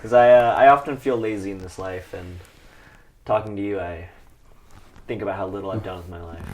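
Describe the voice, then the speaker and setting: A man's voice: sits low, a little fast, a little mellow, a little hiss or hum, low-quality recording. A man hosting a podcast, chatting casually and reacting with short encouraging remarks. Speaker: podcast host. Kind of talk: casual interview chat.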